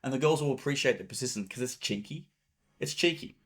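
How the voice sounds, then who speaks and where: A man's voice: mid-range voice, animated, fast. A man coaching on dating in casual talk, blunt and swearing freely, explaining with acted-out examples.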